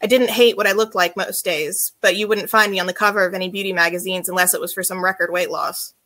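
Bright-voiced woman author. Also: lowish voice, steady tone, fast. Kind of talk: reading from her own novel, then casual chat.

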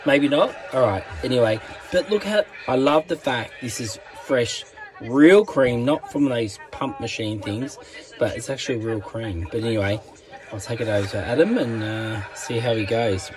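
A man's voice: medium pitch, moderate pace, a faint crowd. A man with an Australian accent chatting casually to a handheld camera while camping in a van, laughing often and talking to his dog. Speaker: vlogger. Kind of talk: casual vlog chat. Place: camper van and campground.

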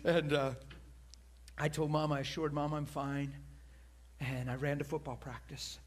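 A man preaching from the pulpit, telling a story in an animated way, laughing and rambling at himself. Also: a little high, a little slow. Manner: animated, laughing storyteller who acts out quoted voices; self-deprecating and rambling. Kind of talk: sermon storytelling. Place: church pulpit.

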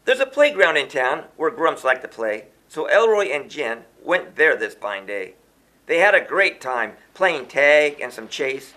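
Guy reading a rhyming kids book, sing-songy, bright voice, pitch all over the place. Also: unhurried. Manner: sing-song, animated reading with chanted refrains. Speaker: storyteller reading a children's book. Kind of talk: rhyming storybook read-aloud.

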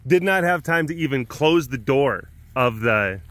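A man's voice: medium pitch, lively intonation, measured pace, fairly bright tone, no echo. A man vlogging outdoors at an animal sanctuary, telling a rambling story full of sound effects and laughs. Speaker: big cat sanctuary vlogger. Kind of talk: casual storytelling.

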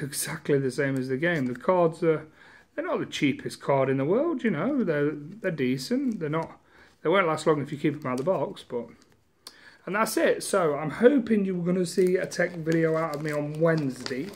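Bloke unboxing stuff at home, slightly high voice, rambly and self-deprecating, swears a lot. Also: male voice, expressive, normal speed. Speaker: gaming vlogger. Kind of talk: casual unboxing chat.

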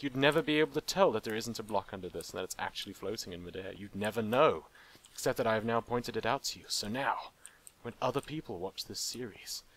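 A man's voice: lowish voice, fairly bright tone. A young man hosting a let's play, rambling playfully and joking with the animals in the game. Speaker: gaming channel host.

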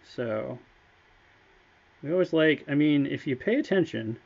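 A man's voice: on the high side, expressive, unhurried, gravelly, a little mellow, lo-fi sound. A man on a game studio's livestream, telling a story in an enthusiastic, chatty way. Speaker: game studio staff member. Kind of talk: casual livestream chat.

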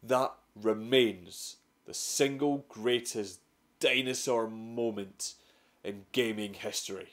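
A man's voice: lowish voice, slow, fairly bright tone. A young Scottish man hosting a comedic gaming vlog, telling stories dramatically and swearing freely. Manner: profane, dramatic storytelling with sudden outbursts. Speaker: gaming vlogger. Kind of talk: comedic scripted vlog narration.

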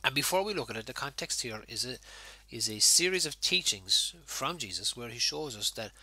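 Man, Irish accent, pastor, casual home sermon, husky, very bright. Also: medium pitch, expressive, normal speed, no room sound. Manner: conversational, informal preaching with fillers.

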